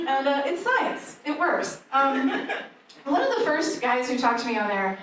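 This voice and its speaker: A woman comedian doing a stand-up set in a comedy club, with a deadpan, dry delivery of dark jokes. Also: high voice, normal speed, crowd noise. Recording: echoey club audio from far off, audience noise.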